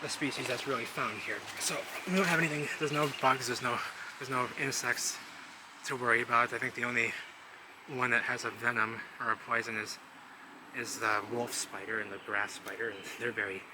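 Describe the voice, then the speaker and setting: A man vlogging outdoors among rubble, rambling excitedly and talking straight to his viewers as he points things out. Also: medium pitch, moderate pace, long pauses. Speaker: vlogger exploring ruins. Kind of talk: casual walk-and-talk commentary. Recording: loud outdoor traffic noise.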